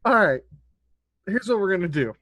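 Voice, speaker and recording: A man's voice: high-pitched, very animated, normal speed, fairly bright tone, no echo. Casual male dungeon master, dry close mic. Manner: loose, conversational rulings with restarts. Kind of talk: narrating a tabletop game.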